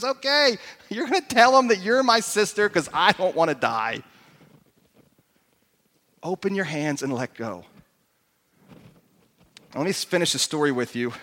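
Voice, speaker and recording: A man pastor giving an emphatic, animated sermon in a church hall. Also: on the high side. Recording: echoey hall.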